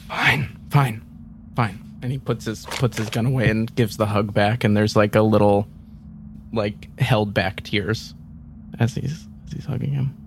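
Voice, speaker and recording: A man playing a tabletop role-playing game, describing his character haltingly with many fillers. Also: fairly low pitch, steady tone, vocal fry, slight background noise. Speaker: player.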